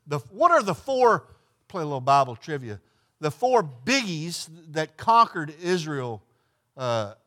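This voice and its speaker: A man's voice: on the high side, a bit bright. A man leading an informal Bible study class in a folksy way, putting questions to the group and answering them himself.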